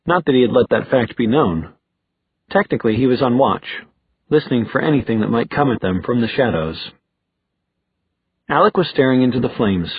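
A man narrating a fantasy novel in steady storytelling style. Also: medium pitch, husky, no room sound. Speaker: audiobook narrator. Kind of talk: scripted narration. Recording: dull muffled sound, dry.

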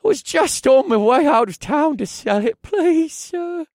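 A man voicing a nervous poor male thief who stammers and pleads in a high voice. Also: expressive, a little slow, darkish tone, no room sound, clean studio sound, exaggerated voice. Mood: pleading.

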